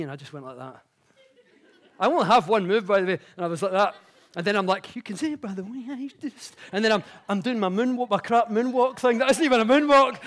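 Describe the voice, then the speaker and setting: A man giving a conference talk, mixing explanation with chatty, self-mocking personal stories that grow animated. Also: sits high. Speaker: conference speaker. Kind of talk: public talk with personal anecdotes. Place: conference stage before an audience.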